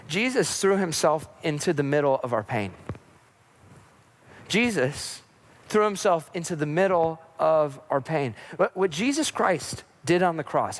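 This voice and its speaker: A young man giving an earnest, sermon-style teaching on a podcast and speaking directly to his listeners. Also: high voice. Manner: earnest, storytelling, direct address.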